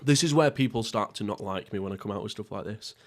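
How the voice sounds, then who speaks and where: A man's voice: lowish voice, fast. A young man hosting a casual mukbang podcast, rambling and swearing, often laughing at himself. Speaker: podcast host. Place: at home, seated.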